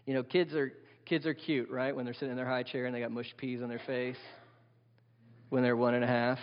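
Animated preaching man in a reverberant hall. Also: medium pitch, brisk. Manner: animated preaching, asks the congregation questions. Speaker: pastor. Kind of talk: sermon. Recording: dull lo-fi sound with long hall reverb.

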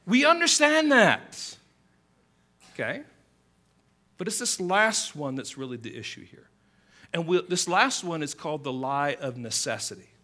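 A male pastor preaching a sermon in an animated way, acting out quoted lines with a louder, higher voice. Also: normal speed. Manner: animated, acts out quotes with rising pitch and volume.

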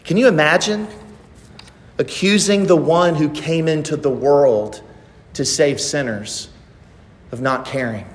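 A man preaching a sermon from the pulpit, pressing his listeners with emphatic rhetorical questions. His voice sits a little higher than most men's and rings out with a long reverb, as in a large church sanctuary. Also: measured pace, pauses often. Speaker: pastor.

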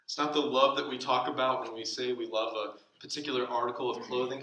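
A man's voice: medium pitch, fairly even intonation. Man preaching in an echoey church. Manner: slow deliberate emphasis, dropping to soft asides. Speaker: pastor. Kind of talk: sermon. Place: church sanctuary. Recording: roomy church sound from a distant mic.

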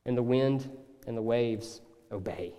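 A man preaching a sermon in a conversational, animated way, slipping into acted asides. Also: medium pitch, a little slow, long reverb tail. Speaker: pastor.

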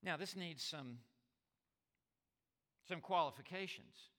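A man's voice: fairly high pitch, takes it slowly, sharp tone. A man preaching a sermon as a pastor, stressing and repeating key words, with small stammers as he restarts. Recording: long reverb of a large hall.

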